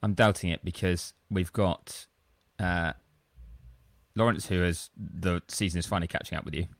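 A man's voice: low voice, fairly even intonation, moderate pace, vocal fry, no room sound. A man co-hosting a podcast, telling long, rambling, self-deprecating stories in casual chat. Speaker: podcast co-host.

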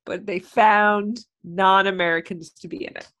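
A woman's voice: mid-range voice, fairly even intonation, measured pace, a bit bright. A woman co-hosting a casual movie podcast, laughing often and adding wry asides. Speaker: podcast co-host.

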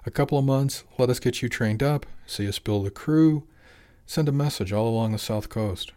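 A man's voice: mid-range voice, normal speed, mellow, close to an everyday voice. A man voicing a jolly, determined middle-aged fishing boss who talks plainly and persuasively.

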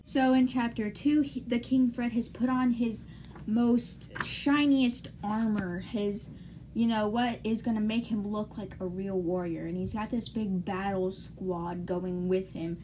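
Woman podcast host, casual book recap, filler-heavy and conversational, average pitch. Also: steady tone, a little slow, warm tone, a little hiss or hum. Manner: chatty, filler-heavy, lots of "like" and "you know".

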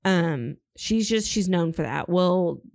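A young woman co-hosts a podcast, talking in an easy, rambling way full of fillers and restarts. Her voice sits a little low and carries a gravelly fry. The sound is close and dry. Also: lively intonation, takes it slowly, a little mellow, dry recording. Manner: chatty, filler-heavy, restarts sentences. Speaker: podcast co-host. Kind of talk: casual chat.

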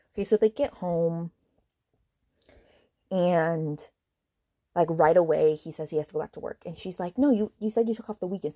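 Her pitch sits fairly low and sounds mellow as she hosts a book podcast. Exasperated and heated, she rants through a plot retelling, swearing freely and filling gaps with lots of "like" and "okay."

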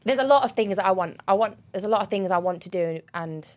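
A young woman chats on a podcast as a co-host. She tells her story in a lively, animated way, with frequent laughs and casual swearing. Her voice sits at an ordinary middle pitch for a woman. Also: fast. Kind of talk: casual chat.

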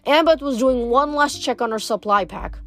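A woman's voice: high-pitched, moderate pace, fairly bright tone. A woman reading a novel aloud in first person, now and then stumbling and restarting a word. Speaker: reader.

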